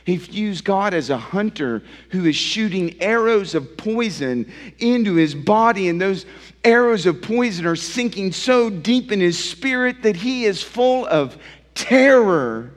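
Male pastor, slow and emphatic, moving between loud and hushed, pitched a little high, reverb of a large hall. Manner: asks listeners direct questions. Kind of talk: sermon.

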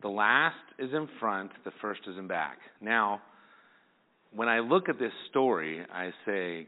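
A male pastor preaching a sermon, lively and acting out the people in the story. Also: on the low side, moderate pace. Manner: animated, acts out the people in the story. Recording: tinny phone-like sound.

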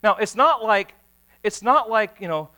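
A man preaching in a bright, forceful voice that sits a little high for a man. He tells his stories dramatically, dropping to a hush and then bursting into a shout. A faint mains hum runs underneath. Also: expressive, unhurried. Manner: dramatic storytelling, swings from hushed to shouting. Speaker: pastor. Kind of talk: sermon.

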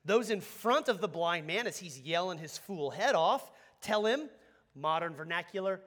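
A man preaching a sermon, animated and conversational, leading the congregation in call-and-response. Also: high-pitched, normal speed. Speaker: pastor.

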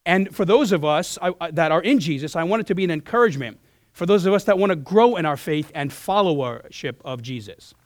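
A male pastor preaches an earnest sermon in a slightly high voice, hoarse as he fights a lost voice. He restarts phrases and clears his throat often. The recording sounds dry and close. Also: dry recording. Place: church.

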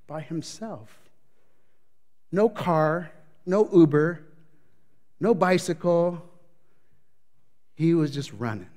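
Dramatic male preacher, loud then hushed. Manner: dramatic storytelling, voicing the prophet's panic; varies loudness widely, building up then dropping low. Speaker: pastor. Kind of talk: sermon.

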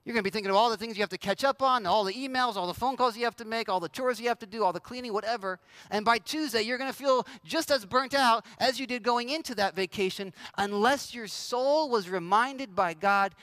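Speaking briskly in a high, bright voice, a male pastor preaches his sermon in a loose, conversational style. He slips into small acted-out voices for the people he quotes. The sound is close and dry, with no echo.

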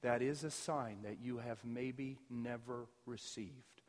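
A man preaching a sermon as pastor, his emphasis surging loud and then dropping to near quiet. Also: medium pitch, steady tone, takes it slowly. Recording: reverberant hall.

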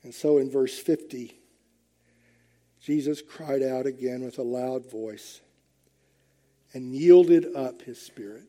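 Slow, mellow-voiced male preacher. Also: mid-range voice. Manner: emphatic, rising and falling with the message. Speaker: pastor. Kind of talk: sermon.

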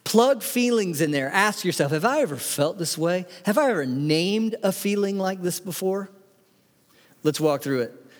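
A man's voice: lively intonation, moderate pace. A man preaching a sermon, earnest, putting direct questions to the congregation and reading scripture aloud with feeling. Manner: earnest, rises in pitch when reading the psalm aloud. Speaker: pastor. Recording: long hall reverb.

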